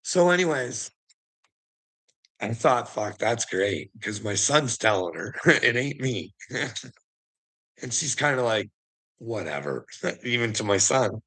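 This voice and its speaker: A man's voice: mid-range voice, animated, takes it slowly, long pauses, bright, forceful tone. A middle-aged man telling a heated, profane story in a casual vlog rant, laughing often between lines. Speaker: vlogger.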